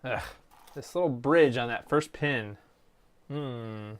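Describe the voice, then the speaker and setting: Soldering on a live stream, a man with a clean, mid-range voice takes his time, muttering his thoughts quietly and offhandedly, partly to himself and partly to viewers. Dry jokes surface now and then in his casual commentary.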